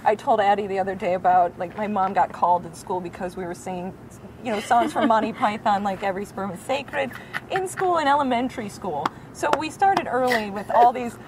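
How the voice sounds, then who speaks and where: A woman's voice: medium pitch, fairly quick, background noise. A woman co-hosting a podcast, chatting casually and rambling between laughs, recorded outdoors on a rooftop. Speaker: podcast co-host. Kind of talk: casual chat.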